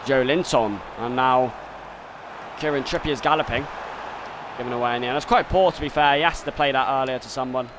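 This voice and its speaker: A man streaming a football game, commentating live and swinging between muttering and excited shouting. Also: mid-range voice, fairly quick, background noise.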